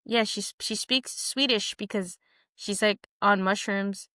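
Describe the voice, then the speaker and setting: A young woman co-hosting a podcast in casual chat, animated and jokey, acting out quotes. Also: medium pitch, measured pace, no echo, clean studio sound. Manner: animated, jokey, calls co-host "friend", acts out quotes. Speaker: podcast co-host.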